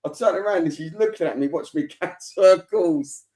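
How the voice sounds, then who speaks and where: A man's voice: a little high, normal speed, darkish tone. A man hosting a casual football podcast, reading viewer comments and telling stories animatedly.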